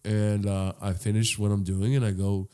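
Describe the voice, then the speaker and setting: A man's voice: fairly low pitch, normal speed, smooth. A man co-hosting a casual podcast chat, telling stories animatedly, acting out other people's lines and swearing freely. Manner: animated storyteller, acts out voices, swears freely. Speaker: podcast co-host.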